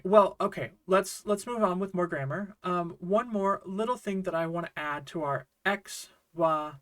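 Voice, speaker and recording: Man chatty online Japanese tutor, higher voice. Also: a bit bright. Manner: friendly, chatty explaining with small fillers and asides. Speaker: Japanese language teacher. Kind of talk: casual online grammar lesson.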